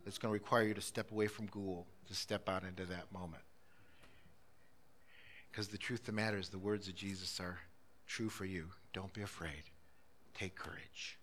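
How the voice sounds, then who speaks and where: A middle-aged man preaching a sermon as a pastor, impassioned, swinging between loud urgency and hushed, intimate passages. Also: mid-range voice.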